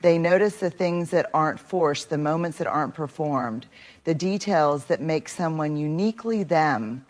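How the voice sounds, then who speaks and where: Female narrator, low register, measured and earnest motivational delivery. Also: expressive.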